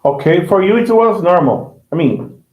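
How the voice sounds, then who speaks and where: In a casual online English lesson, a man with a high, sing-song, slightly mellow voice speaks at a moderate pace. He repeats words to model pronunciation and checks that his student understands. The recording is roomy, dull and lo-fi.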